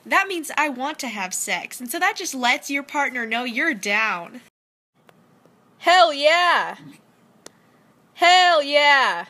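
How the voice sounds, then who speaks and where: A young woman talks straight into her phone camera in a loose, rambling way. She jokes a lot and fills her sentences with "like". Her voice sits a little on the high side. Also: lively intonation, moderate pace, hardly any pauses, sharp tone. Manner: rambling, joking, heavy use of "like". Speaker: vlogger. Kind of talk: casual selfie-story chat.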